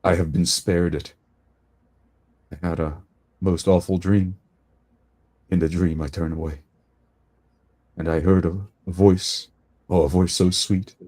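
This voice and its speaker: A man voicing a frail, weary old male priest who speaks softly and falters. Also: low voice, fairly even intonation, measured pace, long pauses. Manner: faltering, soft, trailing off.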